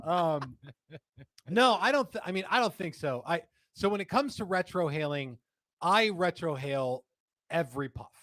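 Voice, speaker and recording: A man's voice: on the high side, animated, moderate pace, fairly bright tone, no echo. A man hosting a casual livestream chat, talking in a chatty, joking, rambling way. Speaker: livestream host.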